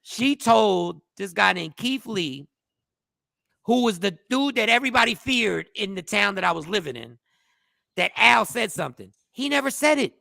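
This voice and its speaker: A man co-hosting a casual chat, telling stories with animation and bursts of shouting. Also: sits high, animated, normal speed, gravelly, no room sound, clean studio sound. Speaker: podcast co-host.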